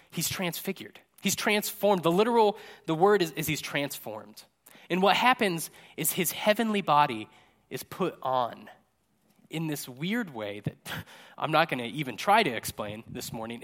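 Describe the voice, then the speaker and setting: A male pastor preaching in a loose, conversational way, joking as he goes and tagging his points with "right?". His voice sits a little higher than most men's. He speaks into a microphone during a church service. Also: fairly bright tone. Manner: chatty and jokey, tags lines with "right?". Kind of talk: casual conversational sermon.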